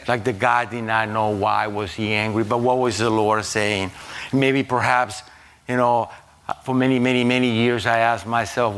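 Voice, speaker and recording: A man preaching a sermon in a slow, halting way, repeating words and swinging suddenly between a low murmur and a high, loud cry. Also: level tone, a little hiss or hum. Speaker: pastor.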